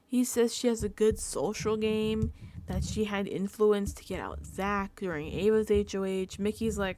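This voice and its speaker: A woman's voice: mid-range voice, normal speed, mellow, a little hiss or hum. A young woman giving a sassy, gossipy recap of a reality show, acting out quotes from the contestants. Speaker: recap vlogger.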